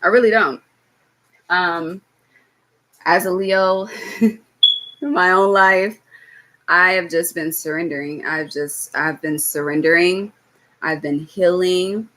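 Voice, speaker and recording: Casual, swearing woman reader, lowish voice. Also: takes it slowly, pauses often, fairly bright tone. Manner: casual, blunt, swears freely, checks in with "okay?". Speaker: tarot reader. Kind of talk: casual live-stream reading.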